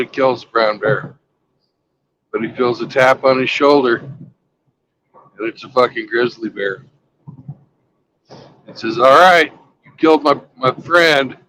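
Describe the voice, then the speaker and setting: Man, mid pitch, crude joke teller, rambling, casual, faint background hiss. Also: a bit bright, poor audio. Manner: crude, loose, rambling storyteller. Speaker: vlogger. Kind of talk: casual chat and joke telling on a road trip. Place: travelling by road.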